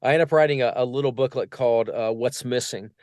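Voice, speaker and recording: This Portsmouth vocal coach speaks fast in a mid-range voice, captured dry at studio quality. He's a guest on a podcast, telling stories in a casual interview. His lively anecdotes come with acted-out voices for the people he quotes.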